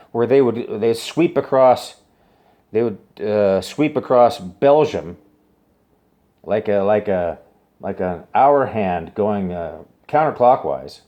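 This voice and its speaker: A man telling a personal story to camera in a rambling, halting way, repeating himself and swinging from hushed asides to urgent, raised bursts. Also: on the low side.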